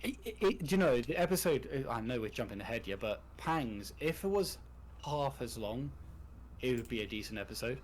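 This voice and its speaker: A man's voice: mid-range voice, expressive, a little fast, rough recording. Man, podcaster, casual chat, swears freely, blunt opinions.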